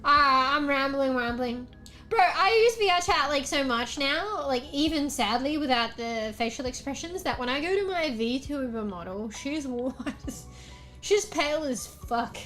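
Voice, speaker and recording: A young woman from Australia with a fairly high voice chats loosely on stream, hopping from point to point. Her Australian accent is plain, she swears freely and laughs between thoughts, with a little music playing faintly behind her. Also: lively intonation, normal speed, sharp tone. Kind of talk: casual chat.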